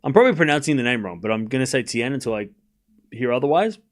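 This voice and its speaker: Mid-range male voice with big pitch swings. He hosts a live tennis watchalong, calling the score and chatting casually with his viewers. Chatty throughout, he speaks directly to his live chat, often breaking into quick asides and restarts.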